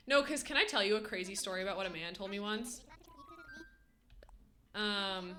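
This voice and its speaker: Faint music plays behind a female streamer making casual live-stream chat, laughing frequently and breaking into fits of giggles. She speaks at a normal speed with frequent pauses, her medium-pitched voice pushed and bright.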